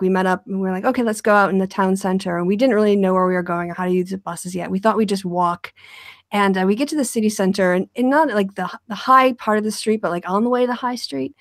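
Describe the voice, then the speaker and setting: A woman's voice: medium pitch, steady tone, fast, dry recording. Upbeat American woman, dry close sound. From United States. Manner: bubbly, laughing, storytelling. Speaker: host. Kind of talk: casual chat on a video call. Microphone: video call.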